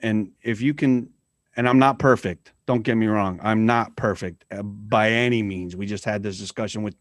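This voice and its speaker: A man's voice: fairly low pitch, steady tone, moderate pace, no room sound, studio quality. A middle-aged man talking as a podcast guest, blunt and earnest, and he swears freely. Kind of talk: candid conversation.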